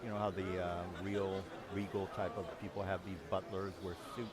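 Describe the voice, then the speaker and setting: A man narrating a tabletop game as game master, halting with many ums and restarts. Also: deep voice, level tone, crowd noise.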